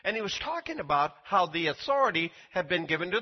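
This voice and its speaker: Older guy preaching, husky kinda high voice, folksy, repeats himself a lot, muffled lo-fi recording. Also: fast, few pauses. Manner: folksy, repeats words, rises to high excited quotes. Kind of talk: sermon with personal testimony.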